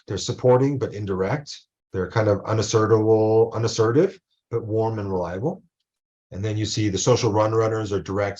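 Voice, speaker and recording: A man's voice: on the low side, darkish tone, muffled recording. A male college professor giving a casual online lecture, rambling into asides and acting out quotes.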